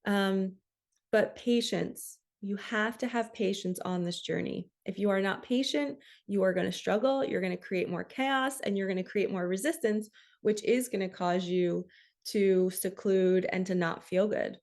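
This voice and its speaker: A middle-aged woman giving a heartfelt spiritual card reading, talking softly and directly to her viewers. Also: mid-range voice, a little slow. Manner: soft, heartfelt, tearful at times.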